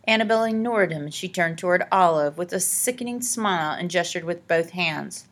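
A woman reading a children's adventure story aloud as narrator, dramatic and hushing for tense scenes. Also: on the low side, brisk. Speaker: audiobook narrator. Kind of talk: scripted narration.

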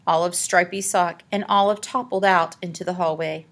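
Audiobook narrator: woman, lowish voice, dramatic storytelling delivery. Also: steady tone, normal speed. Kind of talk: scripted narration.

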